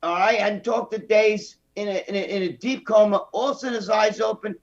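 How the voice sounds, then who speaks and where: A man's voice: sits high, steady tone, fairly quick, lo-fi sound. A man telling stories on a podcast in blunt, profane casual chat. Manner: blunt storyteller, swears freely. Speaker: podcast regular.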